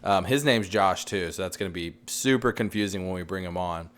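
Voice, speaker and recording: A man in his thirties co-hosting a casual podcast, rambling and loud, his voice fading in and out. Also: low voice, brisk. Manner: rambling, loud, says he is yelling and redlining. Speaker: podcast co-host. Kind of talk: casual chat.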